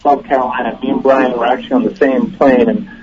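A man's voice: mid-range voice, level tone, fast talker, noisy background. A man calling in to a show, joking and hyping up a friend. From Boston, Massachusetts. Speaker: caller. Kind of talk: call-in chat. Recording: lo-fi call with crowd behind.

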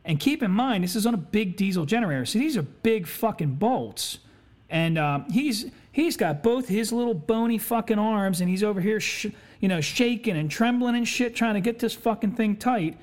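A man's voice: sits high, expressive, normal speed, a little mellow. A man hosting a podcast, telling a story in a laid-back, chatty way, swearing constantly and saying "you know" a lot. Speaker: podcast host. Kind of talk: casual storytelling.

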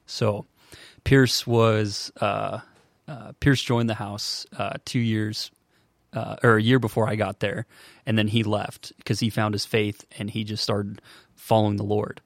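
An earnest young man in his twenties tells his story as a podcast guest. He speaks in a low, flat voice that keeps to a narrow range. He often stops and restarts, and the sound is dry and close. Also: no echo. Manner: earnest, halting, many restarts. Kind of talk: casual storytelling.

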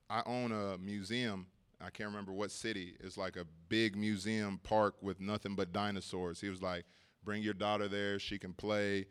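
A man's voice: fairly low pitch, clean tone. A man preaching at a church service, telling a personal story in a casual way, laughing often and repeating words as he goes.

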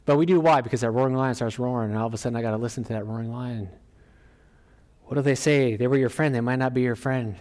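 A middle-aged man preaching a sermon as pastor, animated and emphatic, often rising in pitch and volume. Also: fast. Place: church.

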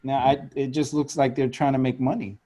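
A man hosting a podcast, chatty and loose, with a middling pitch. He laughs easily and often leaves his sentences unfinished. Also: level tone, fairly quick, mellow, muffled recording. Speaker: podcast host. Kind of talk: casual chat.

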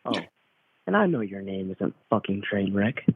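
A fairly low-voiced man rants and hurls insults in a prank voicemail, mock-threatening as he goes. The sound is dry and narrow, like a cheap phone line. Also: big pitch swings, normal speed, breathy edge, no room sound. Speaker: caller.

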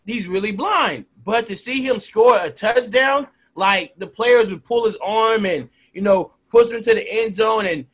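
Rambling male ref and teacher, high voice, full of likes and you knows, casual interview guest. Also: measured pace, few pauses, a bit bright. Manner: rambling, heavy use of "like" and "you know". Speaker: youth football referee and teacher.

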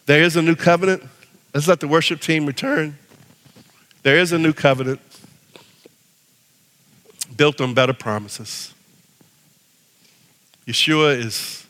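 A man preaching a sermon as pastor, animated, swinging from loud exhortation to hushed prayer. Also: mid-range voice. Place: church sanctuary. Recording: long reverb of a church hall.

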